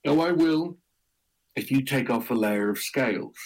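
A man's voice: mid-range voice, animated, measured pace, poor audio. A man voicing a young shepherdess bride in a told tale, coaxing and teasing in a raised voice.

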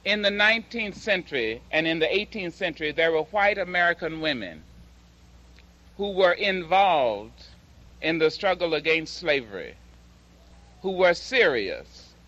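A woman giving a slow, dramatic public speech and reciting poetry with emphatic delivery. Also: lowish voice, very animated, fairly bright tone, muffled recording. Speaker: public speaker and poet.

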